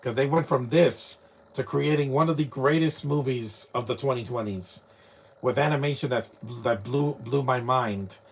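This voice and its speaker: A man giving casual live commentary while watching a movie, chatty and quick to laugh, with mocking asides. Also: mid-range voice, husky.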